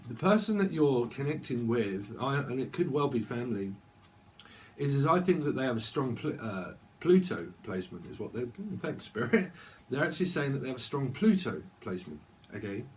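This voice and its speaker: A man rambles through a channelled tarot reading, jumping from one loose association to the next. His voice sits at an ordinary middle pitch. A faint hiss of noise runs under the recording. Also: sing-song, normal speed. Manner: rambling, free-associating, sings snatches of songs. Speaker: tarot reader.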